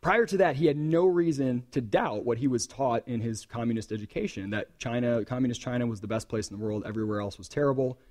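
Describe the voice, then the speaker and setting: A man giving a live conference talk in a hall, animated and joking with the audience between points. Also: mid-range voice, quick pace, few pauses. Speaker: conference speaker.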